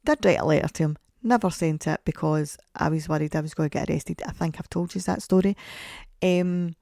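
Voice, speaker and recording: Woman in her forties, podcast host, low gravelly voice, dry close sound, chatty rambling storyteller. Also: a little fast, warm tone, no echo. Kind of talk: casual podcast monologue.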